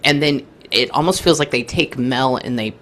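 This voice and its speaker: A woman's voice: a bass voice, moderate pace, heavy background noise. A woman in her thirties, a guest medium, telling a reading story and acting out the remembered dialogue of both people. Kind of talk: animated storytelling in conversation.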